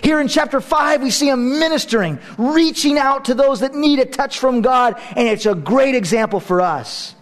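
A middle-aged man preaching a sermon, animated, swinging between hushed and loud, with playful asides. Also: very high-pitched, moderate pace, hardly any pauses. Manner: playful asides and self-mocking humor. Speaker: pastor.

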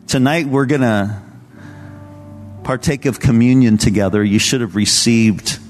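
Earnest conversational pastor preaching. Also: male voice, medium pitch, measured pace, a little mellow, long reverb tail, faint music behind. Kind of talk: sermon. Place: church service.

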